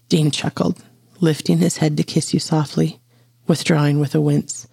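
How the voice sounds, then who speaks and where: A storyteller reading an intimate audio story aloud in a slow, steady way. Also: medium pitch, gravelly, slightly rough, no echo. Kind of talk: scripted narration of an audio story.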